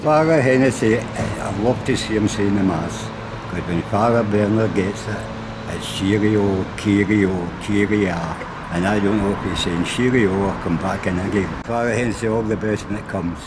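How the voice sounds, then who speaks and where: A man's voice: on the low side, normal speed, background noise. A man, a parishioner, joking and teasing about the Mass. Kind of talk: casual chat.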